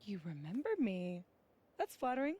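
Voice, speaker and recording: A cool, teasing young recruiter. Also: female voice, mid-range voice, moderate pace, slightly rough. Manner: calm, teasing, self-assured. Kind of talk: video game dialogue. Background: game music.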